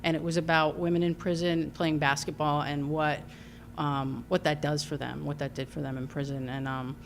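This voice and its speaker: A low-pitched woman with a Long Island accent talks as a guest in a casual interview. She thinks aloud, with frequent ums and restarts. A faint rumble runs beneath the recording. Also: flat delivery, vocal fry. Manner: thoughtful, halting with many ums and restarts. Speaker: filmmaker guest.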